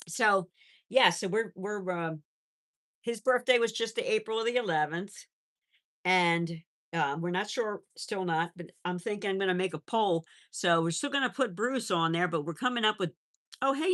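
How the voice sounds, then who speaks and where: A woman's voice: mid-range voice, moderate pace. A middle-aged woman chatting casually on a pet livestream, reading out viewer messages and cooing to her animals. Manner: chatty, warm baby-talk to pets, reads chat aloud. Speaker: livestream host. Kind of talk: casual live chat.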